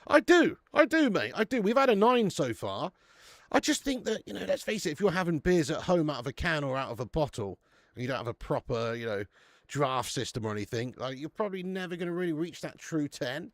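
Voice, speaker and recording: A man's voice: a little high, big pitch swings, a little fast, no room sound. Man, British English accent, matey live-stream host, swears casually, dry close sound. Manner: chatty and matey, banters with viewers, swears freely. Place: warm room at home.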